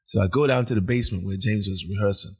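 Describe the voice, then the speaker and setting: A man's voice: fairly low pitch, fast, slightly rough. A man, a musician guest, telling stories in casual chat in an apartment, acting out quoted voices and laughing often.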